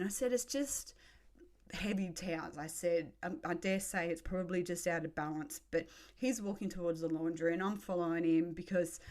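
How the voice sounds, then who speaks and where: Sweary woman telling a story. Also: on the low side. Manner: frank and sweary, laughing through the story. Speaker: podcast host. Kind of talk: casual storytelling.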